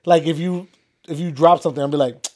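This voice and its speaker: Fast-talking and a little mellow, this man has a steady tone and a fairly high voice. He co-hosts a podcast alongside his partner, laughing a lot and using loose slang in their casual couple chat.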